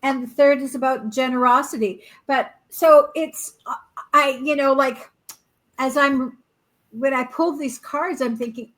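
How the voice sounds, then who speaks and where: A woman co-hosting a casual spiritual podcast, reading oracle cards in an encouraging, animated way. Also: high voice, a little slow, low-quality recording. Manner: encouraging, animated, acts out little quotes.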